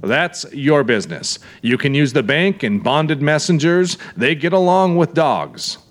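A young small-town cop who stays firm and blunt, voiced by a male narrator. He pitches his voice higher than his own and keeps it steady and lively. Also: measured pace. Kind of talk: audiobook character voice.

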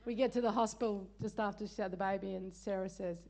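Preaching a sermon at a quick pace, a middle-aged woman with a medium-pitched voice tells lively family stories with laughter, building up to emphatic calls of "come on."

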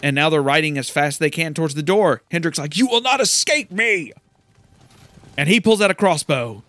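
A man's voice: mid-range voice, a bit bright, smooth, no echo. Chatty gamer man with a dry close mic. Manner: chatty, incredulous, rambling. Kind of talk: let's play commentary.

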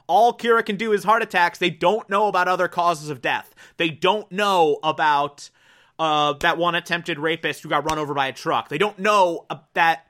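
A man's voice: sits high, bright, forceful tone. A man casually recapping an anime plot, rambling with many fillers and restarts.

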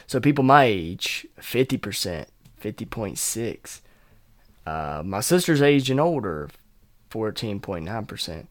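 A man's voice: on the low side, very animated, measured pace, no room sound. Young joking podcast host man. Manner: joking, crude and rambling, laughs often. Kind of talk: casual solo podcast chat.

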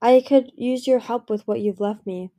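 A woman's voice: on the high side, moderate pace, mellow, natural voice. A woman voicing a lonely, grieving male dragon who pleads and turns bitter, in an audiobook reading. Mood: pleading. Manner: pleading, raised and emotional.

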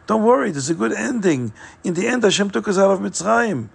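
A man voicing a simple farmer husband who gently soothes his wife. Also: sits high, lively intonation, brisk, vocal fry, slightly rough, pitched above the performer's own voice, exaggerated voice. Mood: reassuring. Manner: soothing, reassuring.

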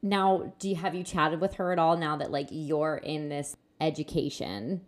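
Host: a woman with a fairly low voice, chatty and eager, steering the conversation. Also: normal speed, a crowd in the background. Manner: chatty, eager, asks leading questions. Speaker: podcast host. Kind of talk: casual interview chat.

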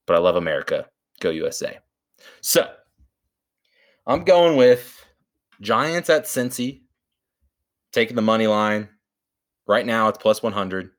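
A man co-hosting a podcast, brashly pitching sports bets in casual, swearing chat. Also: expressive, measured pace, long pauses. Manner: brash, swearing, calls his co-host baby. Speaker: podcast co-host.

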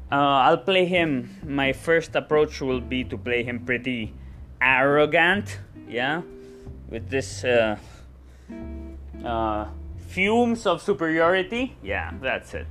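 A man's voice: fairly high pitch, a bit bright. Chatty man over faint guitar. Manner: chatty, repeats words, ends phrases with a questioning "yeah?". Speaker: stage actor. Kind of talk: casual vlog chat.

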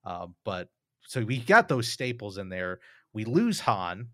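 A man's voice: on the low side, very animated, a little slow, bright, forceful tone, no room sound, studio quality. Man rambling through a casual film chat. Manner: thoughtful, rambling with fillers. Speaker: podcast co-host.

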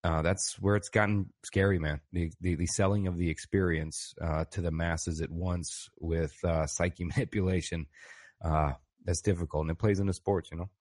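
A man's voice: low voice, fairly even intonation, normal speed, darkish tone. A man who is a podcast guest, talking in a rambling, profane way and laughing often. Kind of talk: casual conversation.

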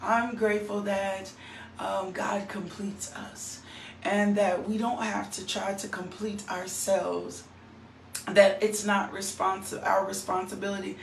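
A fervent woman preaching a livestreamed devotional, her voice gravelly with fry. She sounds roomy and set back from the mic, with faint noise underneath. She calls out viewers by name as she preaches. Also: mid-range voice, little pitch movement, measured pace, far from the mic. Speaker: minister hosting an online devotional.

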